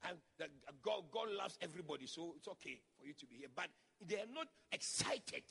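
A male pastor preaching a sermon, acting out quotes and shouting lines for emphasis. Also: a little high, animated, fairly quick, creaky, breathy edge, long reverb tail. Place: church.

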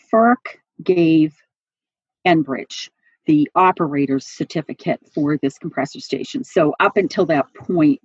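Female activist guest, brisk and wry, husky voice, dry close sound. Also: on the low side, dry recording. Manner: brisk, laughs while telling a timeline. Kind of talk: casual interview. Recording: muffled, lo-fi dry audio.

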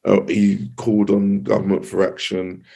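Gravelly-voiced man telling a court story. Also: on the low side, moderate pace. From United Kingdom. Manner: lively, full of restarts and asides. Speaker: criminal barrister, podcast guest. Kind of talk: casual interview storytelling.

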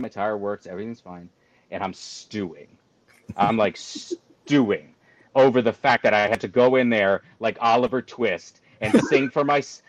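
A man telling a long story on a call in an animated, ranting way, jumping high when he quotes himself. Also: highs cut off.

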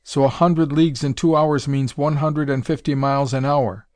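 A man's voice: a little high, fairly even intonation, normal speed, a little mellow, no echo, natural voice. A man voicing a tired, shaken aviator who keeps asking incredulous questions. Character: startled weary male aviator.

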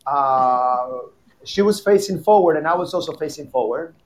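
A man who teaches tango, telling stories in a casual chat, animated and laughing often, repeating his words. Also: a little high, normal speed, a little hiss or hum.

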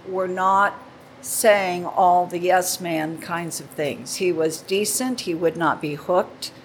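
A woman in her sixties speaking in an interview, heartfelt and halting, close to tears at times. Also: lowish voice, slight background noise, poor audio. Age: 60s. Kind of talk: emotional testimony.

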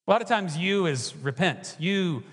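A man's voice: high voice, expressive, normal speed, husky. A man preaching a sermon, often asking the congregation questions. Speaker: pastor. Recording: long reverb of a large hall.

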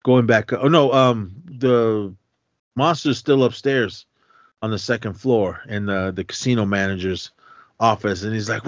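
A man's voice: lowish voice, steady tone, normal speed, no room sound. Rambling man recapping a movie. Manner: rambling retelling with many fillers and self-corrections. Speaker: podcast co-host. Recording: dull, dry lo-fi podcast recording.

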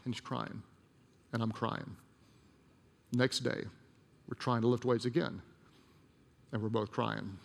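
A male pastor delivers a sermon in a gravelly voice, his words ringing through the long reverb of a large auditorium. He tells a personal story, hammers phrases through repetition, and sinks to a soft, slow voice at the tender moments. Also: mid-range voice, flat delivery.

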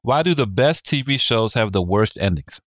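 A man with a very lively, swooping pitch throws out blunt opinions with emphasis. He teases his friends playfully, and his delivery rises and falls sharply. The recording is close and dry. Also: moderate pace, dry recording. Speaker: podcast co-host. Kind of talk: casual chat.

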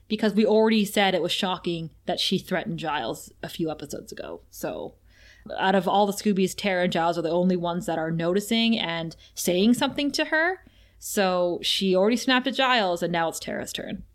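Chatty woman recapping with laughs. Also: on the low side. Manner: animated, laughs often, acts out quotes. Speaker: podcast co-host. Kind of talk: casual recap chat.

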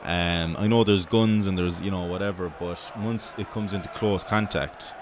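A man's voice: sits low, fairly even intonation, moderate pace, background noise. An Irish man hosting a show, giving joking, profane mock sports commentary in rambling banter. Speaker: host.

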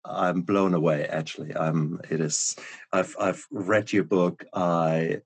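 Low husky German-accented man. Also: fairly even intonation, slow pace. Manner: warm, encouraging, laughs often. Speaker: podcast host. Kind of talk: casual interview chat.

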